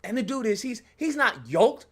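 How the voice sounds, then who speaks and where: A man hosting his channel, telling a profane, animated story in a casual rant, laughing and acting out his own reactions. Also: very high-pitched, normal speed, breathy edge. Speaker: channel host.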